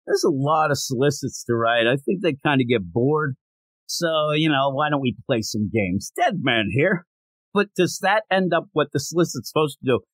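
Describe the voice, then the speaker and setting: Animated husky-voiced man reviewing comics. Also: a little high, moderate pace, no room sound. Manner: jokey, digressive, chatty asides. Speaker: comic book reviewer and podcast host. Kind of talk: casual commentary.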